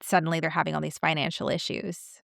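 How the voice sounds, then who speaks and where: A woman's voice: low-pitched, little pitch movement, quick pace, gravelly, fairly bright tone, no echo, studio quality. A woman guest on a podcast, eagerly explaining fan theories in casual discussion.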